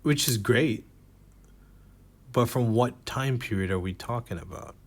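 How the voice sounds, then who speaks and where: A man's voice: mid-range voice, a little slow. A man performing a stand-up comedy set, rambling and self-deprecating, reading jokes from a notebook.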